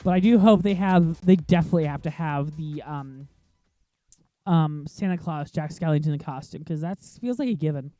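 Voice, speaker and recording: A man's voice: a little high, normal speed, warm tone, no echo, faint music behind. A man hosting a casual let's-play commentary, rambling and chatty, easily sidetracked, filling gaps with lots of ums. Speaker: gaming channel host.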